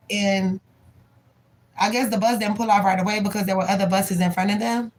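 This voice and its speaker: A woman's voice: medium pitch, low-quality recording. Candid storytelling woman on a livestream. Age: adult parent. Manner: candid, profane, animated when retelling. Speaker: tarot reader and livestream host.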